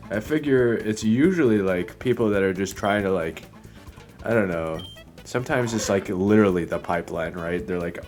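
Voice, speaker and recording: A young man streaming a game, chatting casually, rambling and swearing, with sudden loud outbursts between mumbles. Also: on the low side, expressive, normal speed, soft background music.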